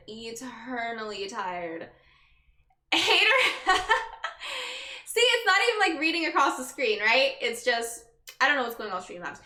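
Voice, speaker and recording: A young woman streamer sounding worn out as she chats with her viewers and greets each one by name. Her voice is bright and fairly high. The room is echoey, with faint music playing behind her. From Texas. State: exhausted. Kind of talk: casual chat with viewers. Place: her bedroom.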